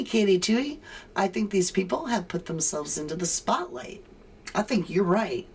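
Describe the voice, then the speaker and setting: A woman's voice: fairly low pitch, a little hiss or hum. Sarcastic woman ranting on a livestream. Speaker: livestream host reading viewer chat. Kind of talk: casual chat.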